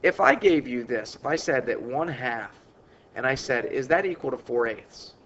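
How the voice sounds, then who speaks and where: A man's voice: medium pitch, lively intonation, moderate pace, a bit bright, highs cut off. Casual man teaching long division. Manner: informal, repeats key points with emphasis. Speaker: math teacher. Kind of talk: recorded math lesson.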